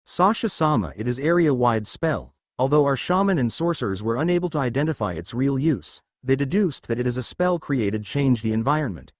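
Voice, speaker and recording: A man voicing flustered soldiers who report to their commander in a hurried, nervous way. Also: mid-range voice, sing-song, no echo, studio quality, lightly acted.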